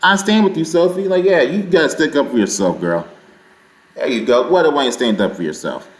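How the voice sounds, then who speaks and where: A man hosting a sports reaction vlog, talking in an excitable, indignant and rambling way. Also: on the high side, brisk, reverberant. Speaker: sports channel host.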